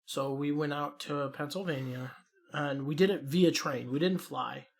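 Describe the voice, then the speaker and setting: A man's voice: a little high, unhurried, gravelly. A young man with a Chicago accent, co-hosting a podcast and telling rambling, profane stories in a casual chat. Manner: rambling, profane, animated storyteller. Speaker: podcast co-host.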